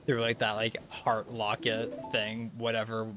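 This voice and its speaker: A man's voice: lowish voice, monotone, slow, pauses often. A young man livestreaming a speedrun, chatting casually in a rambling way, full of fillers and chuckling asides. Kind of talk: casual chat while speedrunning. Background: game music.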